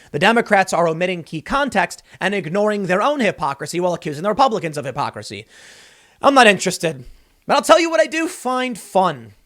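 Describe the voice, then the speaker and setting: A man delivering an opinionated, sarcastic political commentary monologue, now and then mocking people in shrill impressions. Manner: animated, sarcastic, mocks others with shrill impressions.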